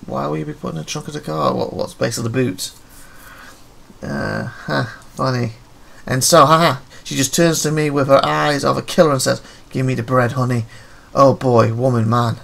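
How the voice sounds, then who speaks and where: A man's voice: medium pitch, fairly even intonation, moderate pace, gravelly, a bit bright. A man playing a detective game, reading the characters' dialogue aloud and breaking off into offhand comments of his own. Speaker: let's play gamer.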